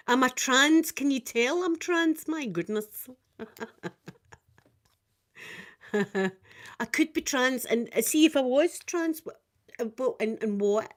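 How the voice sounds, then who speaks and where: A Scottish woman in her fifties, chatting casually with viewers on a live stream, rambling and swinging up and down in pitch. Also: animated, slow pace. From Scotland. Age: 50s.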